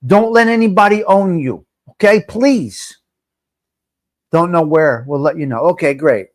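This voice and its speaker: A man's voice: on the high side, a little slow. A middle-aged man hosting a live stream, chatting casually and joking with his viewers as he talks straight to them.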